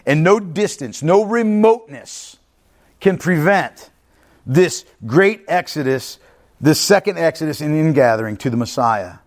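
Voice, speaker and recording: A man's voice: fairly high pitch, lively intonation, unhurried. A man teaching through a Bible passage in a conversational way, often checking in with "right?" and "okay?" and sometimes restarting his words. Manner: earnest, restarts and stumbles over words. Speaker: pastor teaching Bible study.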